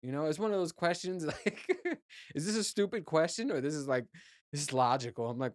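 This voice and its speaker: A man's voice: medium pitch, quick pace, no room sound, studio quality. A man hosting a podcast, telling a rambling, profane story in a casual chat with his listeners and laughing at himself. He grew up in Puerto Rico. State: ears still clogged after diving. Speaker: podcast host.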